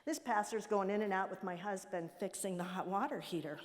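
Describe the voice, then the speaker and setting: A middle-aged woman addresses an audience with storytelling, her pitch sitting in the ordinary middle for a woman. She acts out the voices of the people in her stories. Her voice rings with the long tail of a large hall. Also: a little fast. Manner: animated storyteller acting out quoted voices. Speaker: nonprofit president speaking at a summit.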